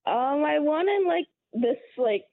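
A woman's voice: sits high, lively intonation, slow pace, no echo. Shy teenage girl over a phone line. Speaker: caller. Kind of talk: phone call.

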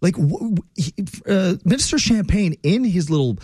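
A man from Quebec hosts a sarcastic, exasperated political commentary. His voice sits a bit high and swings widely in pitch. It is recorded dry and close, with no room sound. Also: expressive, normal speed, warm tone, slightly rough, no room sound.

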